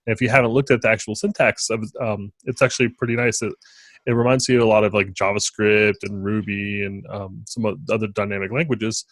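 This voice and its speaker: Podcast co-host, male, lowish pitch, rambly and filler-heavy, dry booth sound. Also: little pitch movement, brisk, a bit bright, no echo. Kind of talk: casual tech chat.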